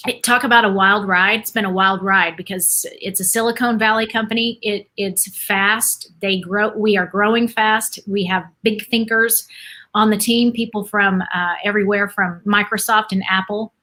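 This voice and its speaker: A woman's voice: medium pitch, steady tone, moderate pace, sharp tone. A middle-aged woman from Dallas, telling her story as a guest in a casual podcast chat. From Dallas, Texas, USA. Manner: chatty, storytelling, laughs easily.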